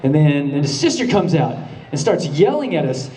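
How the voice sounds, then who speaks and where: Very animated and on the high side, yet dark in tone, this man speaks at normal speed as the voice actor guest at a convention panel Q&A. He tells stories casually and laughs frequently. The far-off handheld camera recording has a little hiss or hum, hall echo, and an audience that murmurs and laughs.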